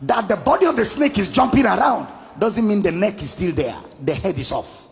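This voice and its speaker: A man preaches in a high, swooping voice with a gravelly edge. His delivery is emphatic and sing-song, driving points home by repetition. The sound carries the long reverb of a large hall. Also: animated, moderate pace. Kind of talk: sermon.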